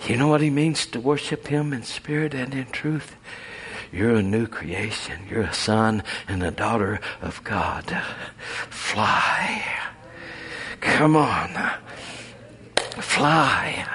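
A man preaching a folksy, animated sermon full of storytelling and chuckles. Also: mid-range voice, a little slow.

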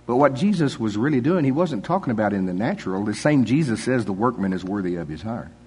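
Husky-voiced older male preacher. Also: fairly low pitch, animated, fast, a little mellow. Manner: folksy, conversational, chuckles often. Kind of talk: sermon.

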